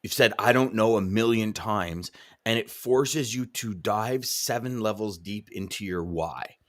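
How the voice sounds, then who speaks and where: A man's voice: on the low side, a little slow. A man hosting a casual live-stream chat as a coach, reading viewer comments aloud and often repeating words. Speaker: podcast host and trucking coach.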